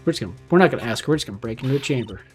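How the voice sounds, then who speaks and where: A man's voice: medium pitch, lively intonation, rapid-fire, a little mellow, soft background music. A man on a game stream, reading the game's dialogue aloud and chatting between lines. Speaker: VTuber streamer.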